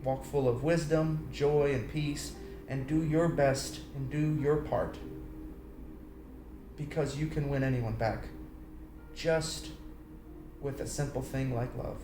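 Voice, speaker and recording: A man's voice: medium pitch, slow, pauses often, music in the background. A man giving a preachy personal talk about love and marriage, telling stories animatedly and acting out voices. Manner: animated storytelling, acts out voices and sings snippets. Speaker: Christian speaker. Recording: roomy echo, faint background noise.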